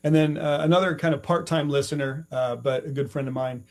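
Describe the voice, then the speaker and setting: A man's voice: on the high side, fairly even intonation, a little fast, a little mellow. A man hosting an interview, asking questions in a friendly way with plenty of fillers. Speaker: podcast host. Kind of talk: casual interview.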